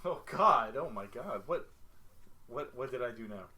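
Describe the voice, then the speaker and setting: A man's voice: medium pitch, animated, measured pace, sharp tone, husky. A man co-hosting a podcast, tossing in joking quips and short reactions in casual chat. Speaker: podcast co-host.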